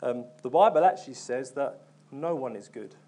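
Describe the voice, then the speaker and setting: A man's voice: medium pitch, expressive, moderate pace, dark tone. A young man preaching a sermon in an earnest, conversational way, with frequent ums and restarts.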